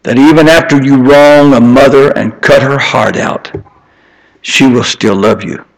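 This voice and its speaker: An older man preaching an impassioned sermon, climbing to high emphatic peaks and then dropping into soft, tender storytelling. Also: unhurried, creaky, poor audio.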